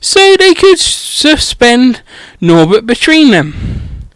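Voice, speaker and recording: A man's voice: extremely high pitch, very animated, slow, a bit bright, smooth, dry recording. A man reading a comedic parody audiobook through a headset mic, irreverent and swearing, often stumbling over words. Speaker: audiobook reader.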